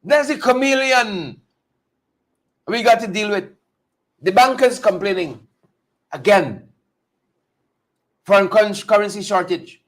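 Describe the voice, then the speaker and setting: A man hosting a live political talk show, talking straight to viewers in a mocking, animated way. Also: high-pitched, takes it slowly, pauses often. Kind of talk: casual live-stream commentary.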